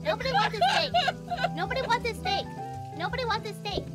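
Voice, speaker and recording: A woman with a very high, squeaky voice whines and repeats herself in frantic gaming banter. Loud game music plays behind her the whole time. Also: a little fast. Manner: whiny, excitable, repeats herself. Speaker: guest streamer.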